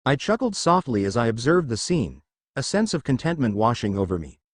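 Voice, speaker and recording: A man reading a fan fiction story aloud, his pitch rising and falling expressively. The recording is dry and close, with no room sound. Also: sing-song, a little fast, no room sound. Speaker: narrator.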